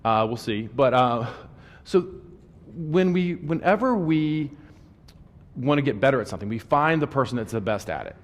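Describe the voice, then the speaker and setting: A man from West Virginia in his forties, a test-taking coach giving a lecture and telling anecdotes in an animated way. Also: mid-range voice, normal speed. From West Virginia, USA. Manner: animated storyteller, voices quotes. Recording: long hall reverb.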